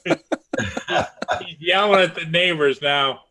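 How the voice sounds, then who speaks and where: A man's voice: fairly high pitch, slow pace, noisy background. A man in a casual live chat, chiming in with needling, jokey remarks.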